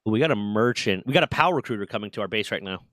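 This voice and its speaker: A man's voice: lowish voice, very fast, no room sound, clean studio sound. A man in his twenties chatting casually on a game stream, telling stories with lots of swearing and acted-out quotes. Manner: animated storyteller, swears often, acts out quotes. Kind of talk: casual chat while gaming.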